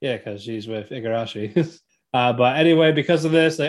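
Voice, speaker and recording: A man with a medium-pitched voice co-hosts a podcast, casually recapping anime episodes. He rambles and acts out characters' lines in quick voices.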